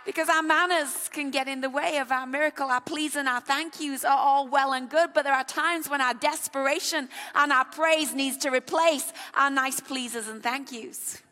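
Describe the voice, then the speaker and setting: Woman preacher, impassioned sermon, high-pitched, long hall reverb. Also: fairly even intonation, moderate pace, hardly any pauses. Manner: impassioned, building to shouts. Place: church hall.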